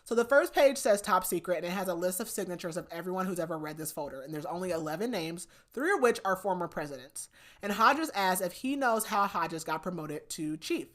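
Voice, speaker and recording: A young adult woman hosting a podcast, casually retelling a book's plot in an animated way, often saying "like". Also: lowish voice, brisk. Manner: animated storytelling, frequent "like", laughs. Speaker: podcast host. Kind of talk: casual book recap.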